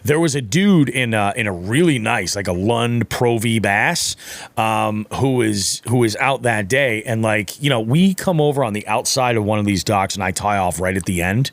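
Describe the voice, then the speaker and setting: A man's voice: on the low side, moderate pace, no echo. A young man casually telling a fishing story on a podcast, swearing freely and acting out what others said. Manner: profane, animated, acts out quotes. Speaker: podcast speaker.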